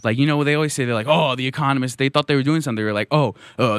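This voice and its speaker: Speaking quickly in a mid-range voice, a young man rambles through playful, comedic stories as host of a casual podcast. He's in a college radio studio, talking into a studio mic, with no room sound.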